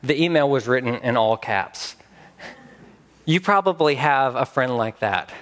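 A man preaching a sermon as pastor, emphatic with dramatic pauses. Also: medium pitch, fairly bright tone.

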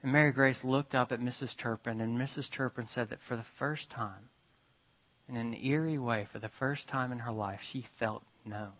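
A man preaching a sermon, retelling a story dramatically and moving between urgent, rising passages and hushed, drawn-out ones. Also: medium pitch, steady tone, rough recording. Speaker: pastor.

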